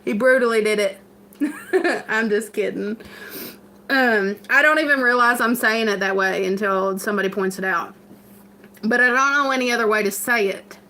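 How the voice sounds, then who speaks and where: A woman's voice: a little high, normal speed, bright, forceful tone, slight background noise. A woman with a Kentucky accent hosting a farm livestream, chatting casually with viewers, laughing often and rambling through plenty of fillers. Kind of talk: casual live chat answering viewers.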